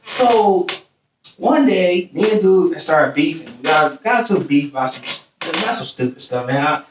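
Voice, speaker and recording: This young man hosts a podcast, speaking at a normal pace in a voice on the high side as he casually recounts a lengthy story from his own life. He's an animated storyteller who performs each quoted voice, with background noise, an echoey room and a distant mic.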